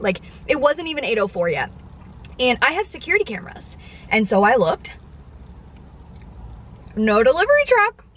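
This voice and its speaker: A woman sits in her parked car and vents a storytime to her camera. Her voice is high and lively, jumping up and down as she acts out what everyone said, exasperated the whole way through. A faint car hum sits under her talk. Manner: exasperated, animated retelling with quoted dialogue. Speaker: vlogger. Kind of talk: casual storytime chat. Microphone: camera mounted in car.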